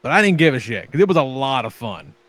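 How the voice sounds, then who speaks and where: A man chatting casually as a podcast host, telling profane, animated stories about being a father. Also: mid-range voice, fast, no echo. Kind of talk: casual chat.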